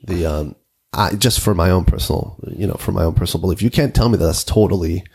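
A man's voice: low voice, fast, gravelly, darkish tone, husky. A man hosting a casual conversation, telling a rambling, anecdotal story. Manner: rambling, anecdotal, many fillers.

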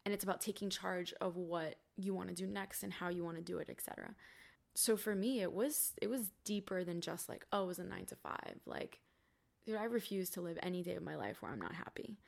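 A woman's voice: lowish voice, a little fast, gravelly, darkish tone. A young woman, a podcast guest, telling her story in a candid, casual way, swearing freely and saying "like" a lot. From Cuban family.

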